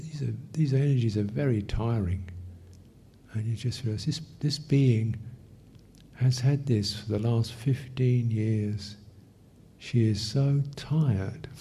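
A man teaching meditation in a question-and-answer session, speaking gently in short, halting phrases with soft laughs. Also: medium pitch, slight background noise. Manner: gentle, unhurried, often laughs softly. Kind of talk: dharma Q&A teaching.

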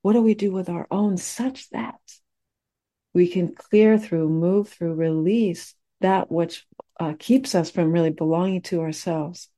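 A woman meditation teacher giving a dharma talk in a gentle, reflective way, teary as she speaks. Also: fairly low pitch, a little slow.

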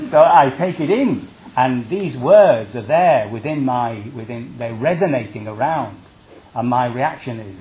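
Casting: male monk teacher, lively delivery, checks in with "okay?", dull lo-fi sound. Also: medium pitch, normal speed. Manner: conversational, checks in with "see?" and "okay?"; lively, acts out reactions with humor. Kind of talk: dharma talk.

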